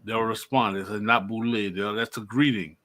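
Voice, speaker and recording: A man on a podcast who explains history and ideas in a calm, measured way. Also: lowish voice. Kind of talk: casual chat.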